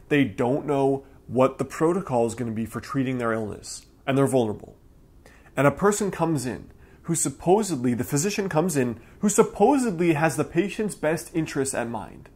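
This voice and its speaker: Guy talking straight to camera, earnest and emphatic, mid-pitched voice. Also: a little mellow, husky. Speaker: acupuncturist and channel host. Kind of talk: direct-to-camera talk.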